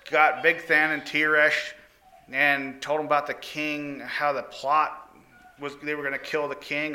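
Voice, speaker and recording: A man preaching by retelling a story in an animated, folksy way, with many exclamations. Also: on the high side. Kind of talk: storytelling sermon.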